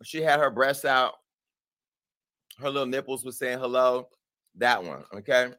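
Gossip host, man, bright forceful voice, sassy and profane, dry close sound. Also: medium pitch, unhurried, no room sound. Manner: sassy, profane, animated, laughs at himself. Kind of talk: brash gossip commentary.

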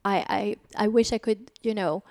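Brief: female podcast guest, candid and emotional, slightly gravelly, dry close sound. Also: mid-range voice, steady tone, moderate pace, darkish tone, dry recording. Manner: frank, emotional storytelling. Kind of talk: candid interview conversation.

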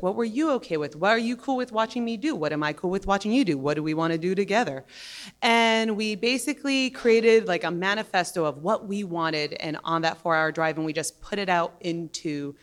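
A woman telling a comic story in a brash, profane, lively way. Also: fairly low pitch. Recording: long hall reverb.

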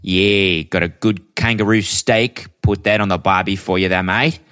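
A man's voice: low voice, steady tone, moderate pace, a bit bright, clean tone. A man voicing a laid-back Australian bloke in a mock Australian accent, drawling and calling everyone mate. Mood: jokey.

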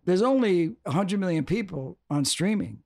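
Halting older man, higher voice. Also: creaky. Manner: halting, repeats words, animated bursts. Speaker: music executive guest. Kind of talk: casual interview talk.

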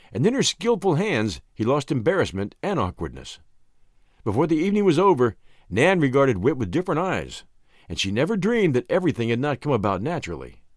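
Expressive man narrating, very lively pitch. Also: no room sound, studio quality. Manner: expressive storytelling with wide pitch swings. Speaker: audiobook narrator. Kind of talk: first-person scripted narration.

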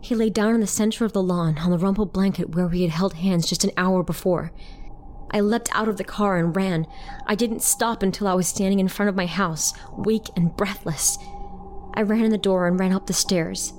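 A woman narrating a horror story in the first person with a measured, dramatic delivery. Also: medium pitch, steady tone, slight background noise.

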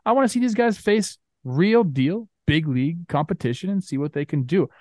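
Relaxed male sports co-host. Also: fairly high pitch, normal speed, dry recording, clean studio sound. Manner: relaxed, rambling, with filler words. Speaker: baseball show co-host. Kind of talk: casual sports talk.

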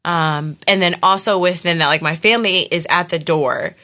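Young woman guest, lively storyteller, bright forceful voice, slightly low pitch. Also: moderate pace. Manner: animated storytelling with many fillers. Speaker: podcast guest telling her birth story. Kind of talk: casual chat.

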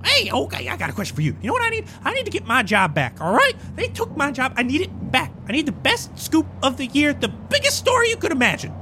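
A pushy, insistent woman reporter, as a game master puts her on. Her voice sits high and jumps around restlessly. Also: huge pitch swings, quick pace, few pauses, bright, forceful tone, a little hiss or hum, exaggerated voice.

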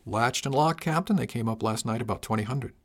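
A man doing a calm, soft-spoken crewman. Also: medium pitch, a little fast, lightly acted.

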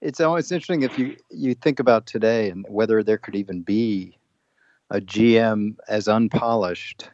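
A man's voice: fairly low pitch, normal speed, a little mellow, dry recording. A male radio host chatting casually with a guest and telling a memory. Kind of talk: casual interview chat. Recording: dull lo-fi radio sound.

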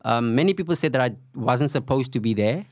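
Man, middle-aged, podcast guest, storytelling, quotes dialogue, mid pitch, dry room. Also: lively intonation, a little fast, darkish tone, no echo. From South Africa, Cape Flats. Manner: recounts events with acted-out quoted dialogue and frequent "you know". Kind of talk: candid storytelling interview.

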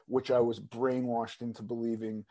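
A man chatting on a podcast in a loose, rambling manner and poking fun at himself. His voice is of a plain middle pitch. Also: flat delivery, moderate pace, mellow. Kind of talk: casual podcast conversation.

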